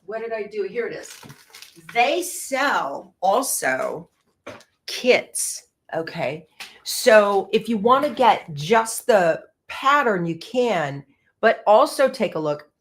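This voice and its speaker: A woman's voice: mid-range voice, sing-song, slow pace. Woman, middle-aged, bubbly, chatty, quilting livestream host. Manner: chatty, bubbly, says y'all. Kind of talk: casual livestream chat.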